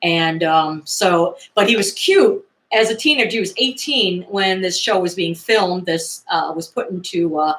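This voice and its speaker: A woman's voice: on the low side, unhurried, hardly any pauses, fairly bright tone. A woman in her fifties talking casually as a vlogger, chatty and rambling, with knowing asides and frequent laughs. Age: 50s. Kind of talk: casual nostalgic commentary. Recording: roomy echo.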